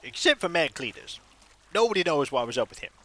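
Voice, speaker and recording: A man's voice: fairly high pitch, sing-song, brisk, sharp tone. A man streaming a video game, rambling through jokey, self-mocking asides. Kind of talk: casual gaming stream commentary.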